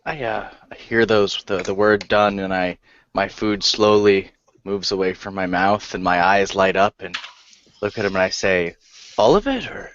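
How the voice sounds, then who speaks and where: A man's voice: deep voice, level tone, normal speed, a bit bright, highs cut off. A man playing a tabletop game, playfully describing what his character does. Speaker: player.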